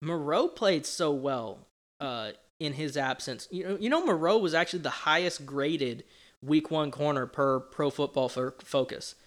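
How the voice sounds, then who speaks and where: A man's voice: fairly high pitch, normal speed. A man co-hosting a sports talk show, chatting casually and playfully about stats. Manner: animated, playful, counts stats aloud. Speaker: sports podcast co-host.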